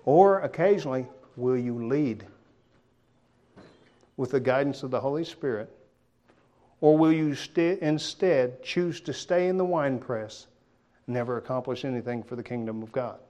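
A male preacher giving a sermon in a conversational, folksy way, often dropping to a quiet, emphatic tone. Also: mid-range voice, moderate pace, pauses often, dull audio.

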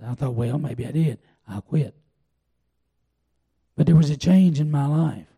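An older man preaching a sermon, telling a personal testimony in a folksy, drawn-out way. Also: a little high, gravelly, mellow, slightly rough. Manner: folksy storytelling, drawn-out pauses. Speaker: pastor.

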